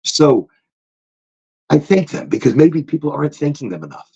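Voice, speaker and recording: A man hosting a casual motivational podcast monologue, talking in a loose, animated way. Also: normal speed, vocal fry, husky. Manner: animated, swoops into high excited tones when retelling stories. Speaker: podcast host. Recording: dull lo-fi recording.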